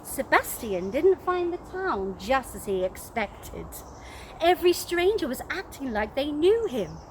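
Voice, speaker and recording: Animated British woman telling a story. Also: sits high, a little slow, background noise. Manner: expressive, animated. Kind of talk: storybook narration for children.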